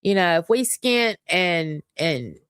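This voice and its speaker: A woman's voice: fairly low pitch, lively intonation, takes it slowly, fairly bright tone, smooth, no room sound, studio quality. A woman hosting a casual morning livestream, chatting to her viewers in a laid-back way. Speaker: livestream host.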